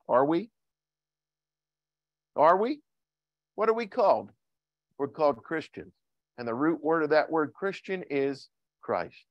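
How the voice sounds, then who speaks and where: Dry, higher-voiced male preacher. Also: very animated, a little slow, gravelly, long pauses, dry recording, highs cut off. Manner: preaching with rising and falling intensity, asking the congregation questions; reads scripture in King James wording. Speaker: pastor. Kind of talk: sermon.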